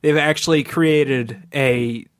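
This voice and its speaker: A man co-hosting a comedy podcast, tossing out deadpan absurd rumors with halting fillers. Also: fairly high pitch, no echo, clean studio sound. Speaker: podcast co-host. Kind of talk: improvised comedy banter.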